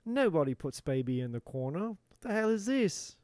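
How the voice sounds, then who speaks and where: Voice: medium pitch, very animated, normal speed, a little mellow, dry recording, studio quality. A tarot reader giving a live reading in a playful put-on British accent, swearing and exasperated in a theatrical way.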